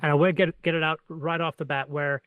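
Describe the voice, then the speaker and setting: Podcast co-host, man from Canada, fairly high voice, dry close mic, rambling delivery. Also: fast, clean tone, no room sound, narrow, tinny audio. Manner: rambling, self-correcting, animated storyteller. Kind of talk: podcast chat.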